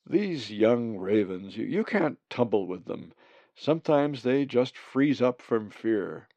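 A man puts on a big, deep-voiced male raven for a storybook reading, stern and formal, with a gravelly, slow and old-fashioned manner. The sound is dull and lo-fi. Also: sing-song, dark tone, no room sound. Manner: old-fashioned, pompous, booming when angry.

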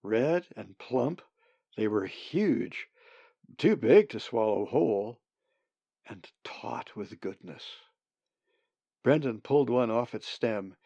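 A man narrating a storybook in a measured, deliberate reading. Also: mid-range voice, lively intonation, gravelly, dark tone, slightly rough, no room sound. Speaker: audiobook narrator. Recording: dull, slightly muffled sound.

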